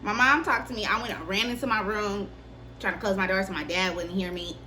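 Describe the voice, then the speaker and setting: Bright-voiced young woman telling a story. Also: mid-range voice, fairly quick, a little hiss or hum. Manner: candid, profane, animated storytelling. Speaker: vlogger. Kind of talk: casual storytime.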